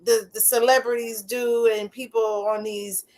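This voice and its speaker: Animated woman co-hosting a chat show. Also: a little high, measured pace. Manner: animated, laughs often. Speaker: co-host. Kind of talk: casual chat.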